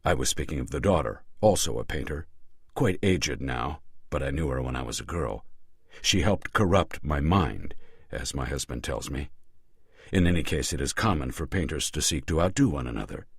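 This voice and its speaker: A man's voice: very deep voice, lively intonation, normal speed, breathy edge, no room sound, clean studio sound, full character voice. A man reading an audiobook and voicing a frank, teasing Roman courtesan woman.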